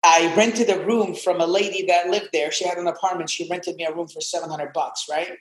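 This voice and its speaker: A man in his twenties, a podcast guest, telling his story in an animated, casual way and swearing freely. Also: high-pitched, a little fast, reverberant, rough recording. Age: 20s.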